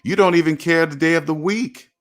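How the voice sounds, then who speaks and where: A man's voice: fairly high pitch, a little fast. A man hosting a personal finance channel, talking straight to viewers in a preachy, repetitive, emphatic way. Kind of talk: motivational livestream talk.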